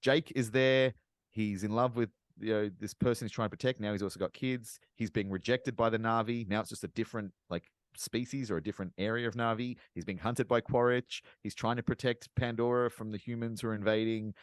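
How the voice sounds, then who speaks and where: Aussie man co-host, low-ish, dry booth sound, sarcastic ranter. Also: fairly quick, no echo. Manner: animated, sarcastic ranting with profanity. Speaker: podcast co-host. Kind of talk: casual podcast chat.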